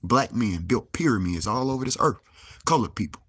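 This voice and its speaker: Expressive and fairly low-pitched, the young adult vlogger rants furiously to camera at normal speed, swearing a lot and asking rhetorical questions. His voice is a bit bright with a breathy edge, recorded dry.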